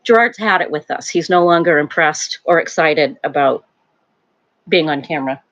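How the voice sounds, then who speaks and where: A woman's voice: low-pitched, normal speed, fairly bright tone, lo-fi sound. An older woman hosting a casual live stream from home, chatting in a rambling way and laughing often. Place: home, near a wood stove.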